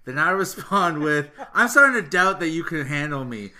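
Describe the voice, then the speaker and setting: A man's voice: fairly high pitch, normal speed. A man co-hosting a casual podcast chat, ranting animatedly with plenty of swearing. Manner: animated, profane ranting with laughter. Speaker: podcast co-host.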